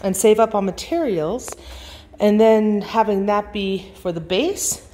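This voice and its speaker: A woman narrating a prop build step by step in a relaxed, chatty way, as the channel's host. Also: medium pitch. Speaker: prop maker.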